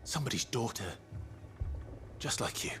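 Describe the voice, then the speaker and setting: An actor playing a grave male swordsman hero in a video game, speaking quietly and reproachfully. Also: moderate pace, faint music behind, lightly acted. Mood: stern, sorrowful.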